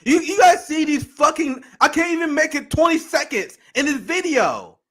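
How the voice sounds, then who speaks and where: High-pitched, heated male ranter. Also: moderate pace. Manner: heated, profane, animated ranting. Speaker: political commentary host. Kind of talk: livestream reaction commentary.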